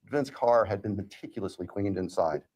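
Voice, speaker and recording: Guy in a courtroom giving a formal statement, quick pace, lowish voice. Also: darkish tone, breathy edge. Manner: formal, measured legal delivery. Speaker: prosecutor in court.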